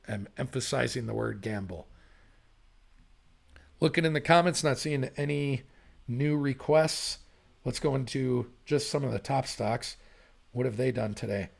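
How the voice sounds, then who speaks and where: A man's voice: medium pitch, creaky, a little mellow. A man giving casual livestream chart commentary, chatty and thinking aloud, often correcting himself. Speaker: livestream market analyst.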